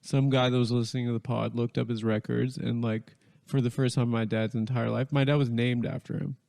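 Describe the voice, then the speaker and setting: A man's voice: medium pitch, level tone, brisk, gravelly, a little mellow. A man chatting casually on a podcast, telling stories with many fillers and self-corrections.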